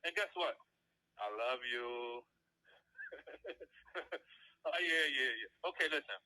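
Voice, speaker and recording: A man's voice: fairly high pitch, expressive, slow, sharp tone, poor audio. A man hosting a show, talking casually and animatedly to his listeners, firing rhetorical questions and laughing at his own jokes. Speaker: show host.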